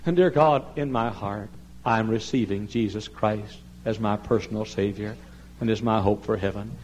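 An older pastor preaching with fervor. His voice drops to a soft plea, then climbs to ringing cries, and at times he moves away from the microphone in the sanctuary. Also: on the low side, normal speed, slight background noise. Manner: impassioned preaching that swings from soft pleading to loud cries. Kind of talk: sermon. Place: large church sanctuary.

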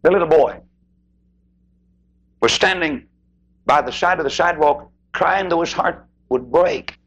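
A man preaching a sermon in an emphatic way, swooping between high cries and low murmurs. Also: a little slow, fairly bright tone, lo-fi sound.

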